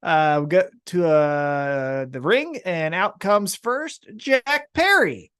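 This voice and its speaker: A man co-hosting a podcast, recapping wrestling in casual, profane, animated storytelling. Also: high-pitched, slow pace, clear, resonant tone. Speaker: podcast co-host.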